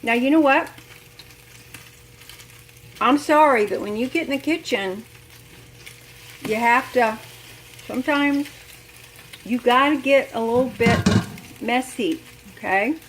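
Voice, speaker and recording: A woman's voice: on the high side, slow pace, pauses often, a little hiss or hum. An older woman giving a chatty, folksy cooking demonstration in her home kitchen, laughing at herself often. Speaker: home cook.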